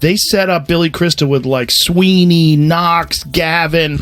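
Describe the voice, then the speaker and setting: Comedian guy chatting, blunt, swears a lot, kinda high voice. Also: fairly even intonation, a little slow, fairly bright tone, clean tone, dry recording. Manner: blunt, swears freely, chimes in with short agreements. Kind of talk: casual chat.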